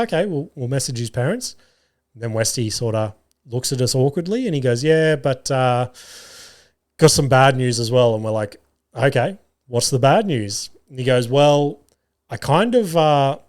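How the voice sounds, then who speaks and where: A man, a podcast host telling casual stories and swearing freely. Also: medium pitch. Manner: swears freely, acts out family dialogue. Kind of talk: casual storytelling.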